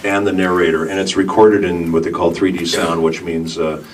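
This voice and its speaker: A man, a voice actor, telling animated stories and answering questions at a convention panel. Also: low voice, normal speed. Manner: animated storyteller, puts on voices in anecdotes. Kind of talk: panel talk with audience. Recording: noisy hall, miked from a distance.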